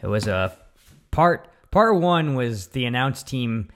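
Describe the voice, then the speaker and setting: A man's voice: mid-range voice, big pitch swings, slow. A man co-hosting a casual podcast, ranting with lots of swearing. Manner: profane, ranting. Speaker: podcast co-host. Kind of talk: casual chat.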